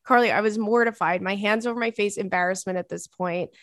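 A woman podcast host reading a listener's email aloud in casual chat, expressive and dramatic with exasperated asides. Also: medium pitch, brisk, dry recording, clean studio sound.

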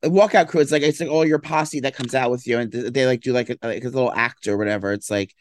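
A man in casual chat, groggy and slow after a late night out, rambling with lots of fillers and bursts of mock toughness. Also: medium pitch.

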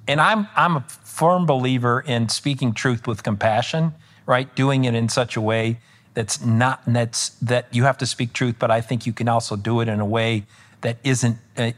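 A man speaking as a political commentator guest on a podcast, rambling with frequent restarts and self-corrections, and animated when he recounts exchanges. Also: medium pitch, moderate pace. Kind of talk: conversational podcast interview.

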